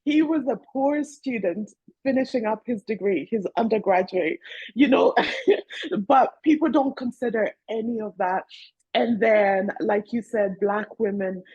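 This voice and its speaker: A woman's voice: fairly high pitch, a little slow, warm tone, slightly rough, no echo, muffled recording. A woman from Kenya with a mixed Kenyan and Irish accent hosts a candid conversation, telling stories and laughing often between points. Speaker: host.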